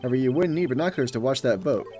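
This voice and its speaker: A man's voice: medium pitch, lively intonation, rapid-fire, mellow, faint music behind, close to an everyday voice. A man reading an earnest young male defense attorney, pressing his argument in a courtroom.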